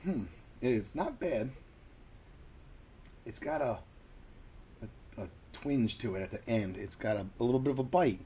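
A man with a Mid-Atlantic American accent reviewing beer in a casual video, plain-spoken and unhurried, repeating words as he searches for them. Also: mid-range voice, animated, mellow, a little hiss or hum.

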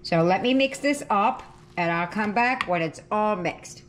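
A woman's voice: medium pitch, expressive, a little slow, slight background noise. A woman hosting a home cooking video, chatting casually and correcting herself as she cooks in her kitchen. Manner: chatty, self-correcting, talks while cooking. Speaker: cooking channel host. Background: frying and sizzling.

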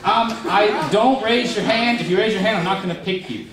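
A man's voice: high voice, a little fast. A young man giving a rambling, self-mocking speech to a youth group and taking questions from the audience. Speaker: motivational youth speaker. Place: large room before a youth group audience. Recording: echoey room, mic at a distance, crowd noise.

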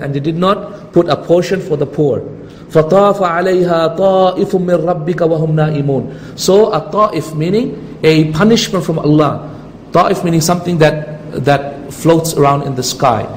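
A man giving a lecture explaining Quran verses, reciting the Arabic quickly and then acting out the scenes with lively voices. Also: fairly high pitch. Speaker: Islamic lecturer. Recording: hall reverb, faint ambient noise.

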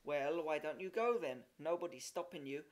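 Man doing a sharp-tongued grumbling cook woman. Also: fairly high pitch, lively intonation, normal speed, close to an everyday voice. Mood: scolding. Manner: scolding, sharp, complaining. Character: grumbling irritable female cook, adult. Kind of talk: amateur audiobook reading.

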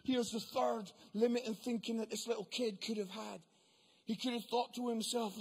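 A male preacher, giving an excitable sermon in a church venue that builds into emphatic shouting. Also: very high voice, normal speed, vocal fry, breathy edge. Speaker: guest preacher.

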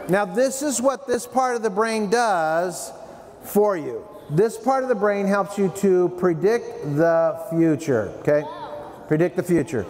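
A man giving a playful, animated prevention talk to middle schoolers at a school assembly, addressing them directly. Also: high voice. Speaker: youth prevention speaker. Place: middle school hall, indoors. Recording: long hall reverb, faint room noise.

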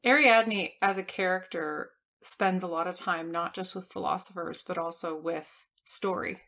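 A woman's voice: lowish voice, measured pace, bright, forceful tone. A woman hosting a podcast, asking long, earnest questions and linking them with "like" and "so". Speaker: podcast host. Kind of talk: conversational interview questions.

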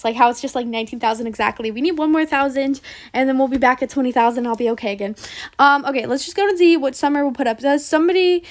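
A young woman chatting excitedly over a video game, with lots of ums and likes as she plays. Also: high voice. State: briefly out of breath. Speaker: gaming video host. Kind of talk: casual gameplay commentary.

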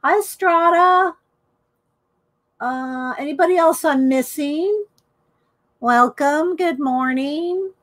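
A woman's voice: sits high, slow, long pauses, fairly bright tone. A middle-aged woman hosting a casual live art stream, chatting and greeting viewers by name. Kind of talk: casual live-stream chat while coloring.

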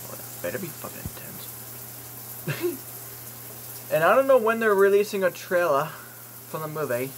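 A man's voice: high-pitched, sing-song, moderate pace, pauses often, a little hiss or hum, low-quality recording. A man vlogging casually as he browses online, reading product listings aloud with jokey, rambling asides and the odd curse word. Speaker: YouTube vlogger. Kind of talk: casual vlog commentary while browsing online.

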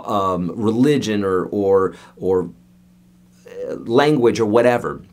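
A man giving a casual guitar lesson, chatty and joking, with animated asides. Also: on the low side. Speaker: guitar teacher.

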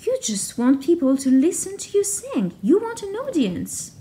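A woman voicing a kind, clever young girl in a storybook, explaining things gently. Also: extremely high pitch, wildly swooping pitch, normal speed, voice pushed up, exaggerated voice. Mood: earnest.

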